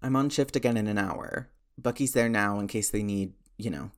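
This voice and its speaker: A man's voice: fairly low pitch, normal speed, lightly acted. A man voicing an earnest, old-fashioned soldier who gets flustered, in a story reading.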